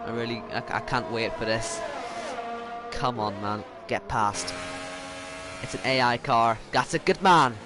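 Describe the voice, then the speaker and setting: A man with a mid-range voice commentates live on his own online racing game, mocking himself and growing exasperated as things go wrong around him. He speaks at a measured pace with long pauses, over music and racing car engine noise from the game.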